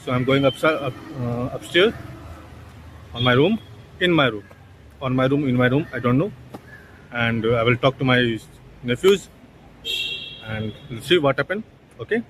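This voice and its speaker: Halting Indian English vlogger man. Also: medium pitch, expressive, noisy background. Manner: halting English with frequent self-corrections. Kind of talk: casual vlog talk to camera.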